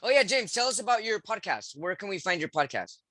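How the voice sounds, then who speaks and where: Podcast host guy, gushing thank yous, bright sharp voice, pretty high. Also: sing-song, quick pace, no room sound. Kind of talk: interview.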